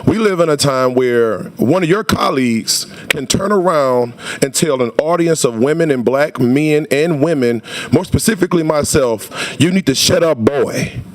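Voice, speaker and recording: A man testifying at a legislative hearing, speaking forcefully and repeating phrases for emphasis. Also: fairly high pitch. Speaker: public witness testifying at a state senate hearing. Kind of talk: impassioned public testimony. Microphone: standing microphone at a podium.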